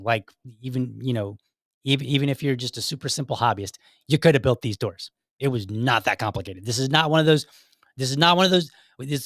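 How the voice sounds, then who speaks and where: A man's voice: mid-range voice, a bit bright, dry recording, clean studio sound. A middle-aged man hosting his own podcast, rambling in a chatty way with many restarts. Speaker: podcast host. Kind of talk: casual solo podcast commentary.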